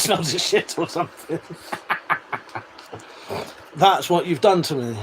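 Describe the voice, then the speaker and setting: A British man hosting a livestream, chatting casually, swearing freely and laughing often as he answers viewers. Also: fairly high pitch. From United Kingdom. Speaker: livestream host. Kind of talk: casual livestream chat reading viewer comments. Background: faint fan hum.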